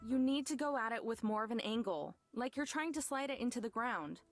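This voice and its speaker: A woman voicing a practical young female treasure hunter in a visual novel, brisk and matter-of-fact. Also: fairly high pitch, lively intonation, faint music behind.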